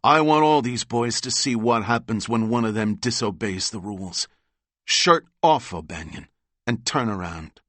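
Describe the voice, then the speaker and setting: A man's voice: on the low side, moderate pace, fairly bright tone, no room sound. A man voicing a brutal, mocking overseer. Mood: threatening. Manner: threatening, mocking. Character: brutal bullying male orphanage overseer, menacing. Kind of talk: audiobook reading.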